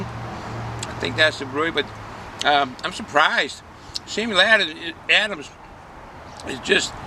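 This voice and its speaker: A man's voice: on the high side, background noise. An older man chatting casually as a beer reviewer, rambling with many fillers and restarts. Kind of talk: casual chat.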